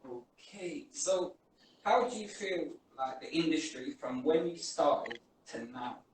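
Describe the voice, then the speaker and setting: A man hosting a casual radio interview, asking teasing questions slowly. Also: on the high side, lively intonation, distant mic, slight background noise. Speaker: radio host. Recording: roomy, off-mic with faint ambience.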